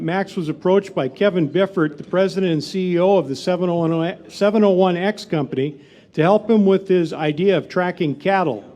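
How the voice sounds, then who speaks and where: Emcee guy reading a speaker intro, pretty high voice, steady. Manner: formal, steady delivery. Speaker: event emcee.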